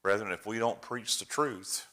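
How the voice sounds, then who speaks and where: A man's voice: lowish voice, moderate pace, pushed and bright. An older man, a preacher giving a chatty, folksy slideshow talk to his congregation. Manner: folksy, chatty storyteller addressing the room.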